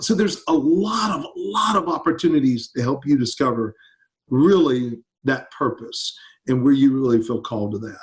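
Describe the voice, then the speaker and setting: A man, a campus ministry pastor answering students' questions in an enthusiastic, upbeat casual chat over a video call. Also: on the high side.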